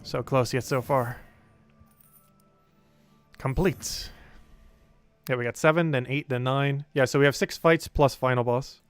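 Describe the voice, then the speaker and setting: Casual New Jersey game streamer. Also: male voice, medium pitch, steady tone, measured pace, pauses often, smooth, soft background music. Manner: casual, self-chatting. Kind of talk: live gameplay commentary.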